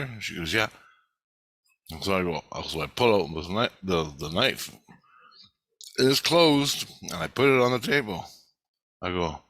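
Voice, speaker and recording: A man telling a dream in casual, profane storytelling, swearing constantly and getting animated as he retells it. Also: low-pitched, measured pace, long pauses, dry recording.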